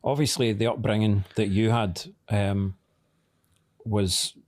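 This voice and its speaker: A Scottish man with a fairly low voice hosts a relaxed, friendly interview. He asks questions in an easygoing way and keeps his guest going with brief nods of agreement. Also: slow. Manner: easygoing, encouraging, fills gaps with agreement. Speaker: interview host.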